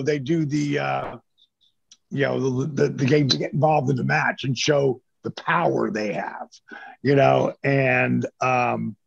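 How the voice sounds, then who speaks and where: A man, a former wrestler telling stories in a casual interview, animated and swearing freely while he acts out the people he quotes. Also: a little high, creaky, dry recording, muffled recording.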